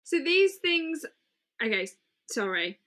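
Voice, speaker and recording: Tired young woman with a bright voice. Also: high voice, big pitch swings. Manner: quick questions, jokey, interrupts. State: tired, yawning. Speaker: podcast co-host. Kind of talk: casual true-crime chat.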